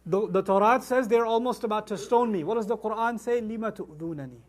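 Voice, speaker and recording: A man teaching the Quran in a quick, high voice. He swings between calm explanation and emphatic outbursts, acting out quotes and reciting Arabic verses at speed. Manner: animated, rising to emphatic outbursts and acted quotes. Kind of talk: Quran lecture.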